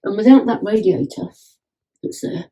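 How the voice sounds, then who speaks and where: A chatty woman talks at home, full of enthusiasm and often restarting her sentences. Her voice is mellow and slightly husky, with a relaxed, warm tone. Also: medium pitch, moderate pace, rough recording. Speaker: homeowner giving a testimonial. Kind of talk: casual chat. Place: at home indoors.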